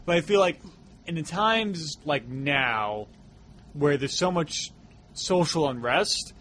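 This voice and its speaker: A man's voice: on the high side, animated, slow, fairly bright tone, a little hiss or hum. A man co-hosting a podcast, recapping and discussing a movie in a loose, rambling way with many fillers. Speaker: podcast co-host.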